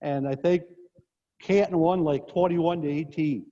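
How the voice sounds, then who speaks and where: A man, a former coach from northern New York, tells meandering stories with restarts and chuckles. His voice sits a bit high but mellow. The lo-fi recording carries a long reverb tail. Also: steady tone, measured pace. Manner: rambling anecdotes with restarts, chuckling. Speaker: guest, former basketball coach. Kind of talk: casual storytelling on a sports talk show. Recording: dull lo-fi audio in a reverberant space.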